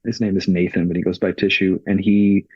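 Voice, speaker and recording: Podcast guest from a touring crew: a husky man with a low voice, casual storyteller who relives scenes through quoted exchanges. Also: little pitch movement, fairly quick, no room sound, lo-fi sound. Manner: retells events with frequent "I was like" quotes.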